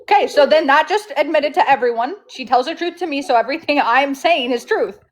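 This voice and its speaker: A woman argues on a group voice call. She is blunt and keeps talking over the others. Her voice sits high. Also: lively intonation, fairly quick, a little hiss or hum. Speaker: call participant confronting a streamer.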